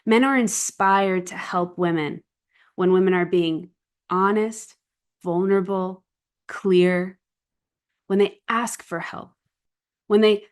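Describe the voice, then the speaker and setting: A woman's voice: mid-range voice, fairly even intonation, slow pace, long pauses. A woman in her thirties talking earnestly to camera as a relationship coach, emphatic and often checking in with "right?". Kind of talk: casual monologue to camera.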